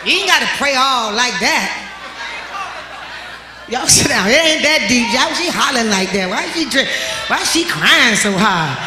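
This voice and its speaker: A woman preacher delivering a fervent sermon, shouting with repeated words and stammered restarts. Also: on the high side, lively intonation, moderate pace, a crowd in the background. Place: large church sanctuary. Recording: echoey church hall with organ music and congregation. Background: organ music and responding congregation.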